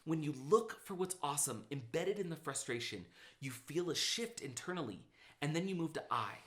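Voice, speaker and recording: A man's voice: fairly high pitch, moderate pace. A man who works as a motivational speaker, telling stories in a casual conversation and acting out his own inner thoughts. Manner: animated storyteller, acts out his own inner dialogue.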